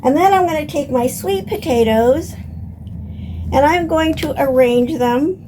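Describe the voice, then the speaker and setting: An older woman hosting a home gardening lesson, explaining step by step in a plain, unhurried way. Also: high-pitched, background noise. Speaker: gardening channel host. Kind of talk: instructional gardening video.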